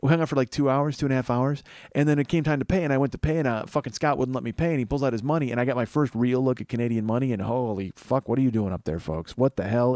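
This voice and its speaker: A man hosting a podcast, telling a long story in a casual, profane way and acting out what others said. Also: no room sound. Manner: animated, profane, acts out quotes in a higher voice. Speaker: podcast host.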